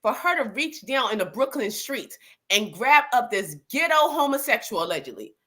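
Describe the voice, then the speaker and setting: A woman's voice: a little high, big pitch swings, normal speed, pushed and bright. A woman co-hosting a casual gossip show, talking in a blunt, profane, rambling way full of restarts. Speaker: co-host.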